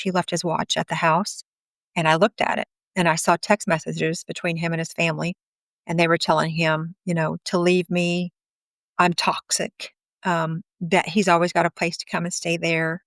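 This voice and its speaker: This is a woman in her fifties sharing a personal story as an interview guest. She speaks candidly and outspokenly in a fairly low voice and laughs now and then. The sound is dry and close. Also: little pitch movement, moderate pace, fairly bright tone, no room sound.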